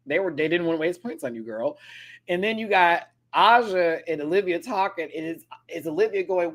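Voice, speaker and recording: A high-voiced man speaking at normal speed hosts a live-stream reaction as a drag show reviewer, chatting casually and laughing often. He's animated, mimics people in quoted asides as he tells the story, and affectionately calls out viewers by name.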